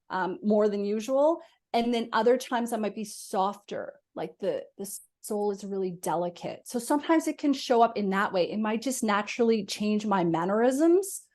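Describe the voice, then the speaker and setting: A woman guest, a medium, talking in a casual interview, animated and expressive as she explains. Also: a little high, normal speed. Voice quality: animated, talks with her hands.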